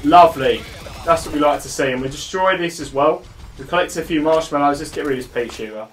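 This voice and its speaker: A man commentating his own gameplay casually, with excited outbursts and halting moments when he reads on-screen text aloud. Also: fairly high pitch, soft background music.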